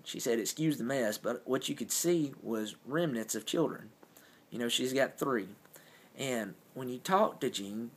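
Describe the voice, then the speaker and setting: A young adult man speaking earnestly to camera in a casual motivational talk, upbeat and encouraging. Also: medium pitch.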